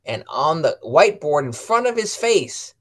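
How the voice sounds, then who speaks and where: A man with a lively, up-and-down voice chats casually about faith and family. He tells stories, acts out the people in them, and reads passages aloud. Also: on the high side, normal speed. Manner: storytelling, acts out quoted voices. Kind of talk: casual religious chat.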